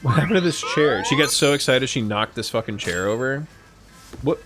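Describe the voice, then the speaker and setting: A man's voice: mid-range voice, animated, fairly quick, fairly bright tone, faint music behind. A young man live-streaming a game, chatting casually with lots of swearing and jokes. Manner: casual, profane, joking. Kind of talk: live-streamed gameplay commentary.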